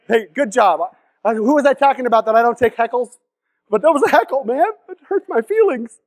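A man's voice: very high voice, expressive, brisk, no echo. A young man from the Seattle area giving a comedic keynote talk at a conference, joking with the crowd and acting out silly voices. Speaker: conference speaker. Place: conference hall stage.

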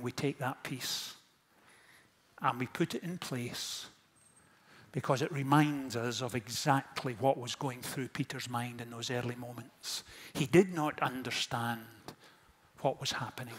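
A man, a pastor, preaching a sermon in a storytelling manner that moves from hushed lines to impassioned ones. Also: medium pitch, husky.

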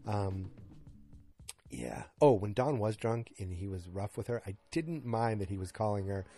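A man's voice: lowish voice, sing-song, measured pace, mellow, soft background music. A man hosting a podcast, recapping a TV episode in a casual, rambling and enthusiastic way. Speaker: podcast host.

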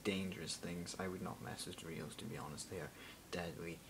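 Low-voiced rambling teen vlogger. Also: male voice, steady tone, brisk, gravelly, noisy background. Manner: random, jokey, self-mocking, mutters asides. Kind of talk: rambling casual vlog. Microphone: phone camera.

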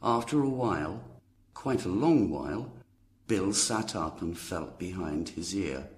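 Man, story narration for learners, deep voice, clear steady reading. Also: unhurried, a little hiss or hum.

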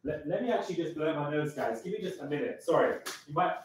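A young man hosting a live reaction stream, excitable and hyped, calling out "guys" often, with a slightly stuffy nose. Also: a little high, fast talker, a little hiss or hum. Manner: excitable hype talk, keeps saying "guys".

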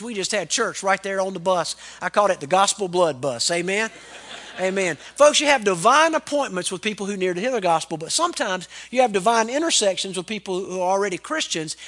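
A man's voice: high-pitched, a bit bright. A middle-aged man preaching a sermon as pastor, fervent and calling out for amens. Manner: fervent preaching with call-and-response "Amen?".

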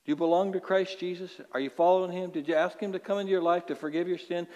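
A man's voice: high-pitched, fairly even intonation, fast, hardly any pauses, darkish tone. A male pastor preaching a sermon, emphatic, repeating words for stress and acting out inner voices. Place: church sanctuary. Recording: long hall reverb.

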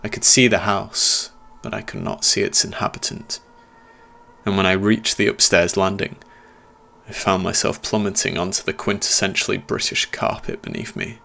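A man with a low, gravelly voice reads a first-person horror story aloud. His delivery is tense and dramatic, and full of rough texture. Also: normal speed, sharp tone, slight background noise. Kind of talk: scripted horror narration.

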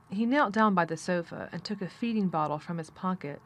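A woman reading a classic novel aloud as an audiobook narrator, with steady, measured storytelling. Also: lowish voice. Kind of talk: scripted narration.

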